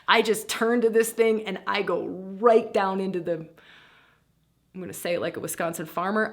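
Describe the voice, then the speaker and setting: A middle-aged woman teaching a guided spiritual practice in a breezy, animated way, laughing often and acting out inner voices. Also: mid-range voice, moderate pace.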